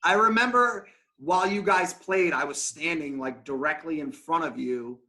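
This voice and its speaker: A man's voice: on the high side, moderate pace, pushed and bright. A man, a former band member, telling stories in a casual podcast chat, swearing and laughing along the way. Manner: storytelling, swears, laughs often.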